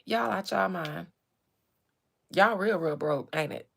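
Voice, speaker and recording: A woman's voice: fairly low pitch, slow, creaky, slightly rough. A woman hosting a live stream, ranting in a blunt, slangy, profane and sassy way. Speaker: livestream host.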